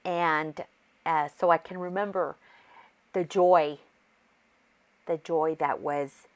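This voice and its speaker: Chatty, excitable woman with a low voice. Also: slow. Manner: excitable, rambling storytelling with frequent restarts. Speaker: crafting vlogger. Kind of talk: casual chatty voice-over. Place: home craft desk.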